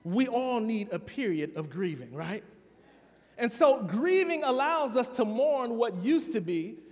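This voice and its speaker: A man from Chicago preaching a sermon in a church, talking conversationally to the congregation and building to loud, emphatic peaks. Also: extremely high pitch, very animated, a little slow. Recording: long reverb of a large hall.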